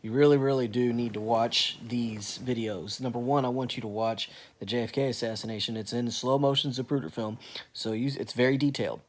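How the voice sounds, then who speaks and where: A man's voice: mid-range voice, fairly even intonation, a little fast. A man teaching history in a casual, rambling way, with frequent ums and self-corrections as he walks students through the material. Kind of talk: recorded lesson walkthrough.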